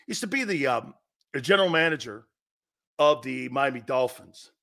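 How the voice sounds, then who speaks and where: A middle-aged man hosting casual sports talk, lecturing with lots of rhetorical questions and an animated delivery. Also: medium pitch, normal speed, vocal fry.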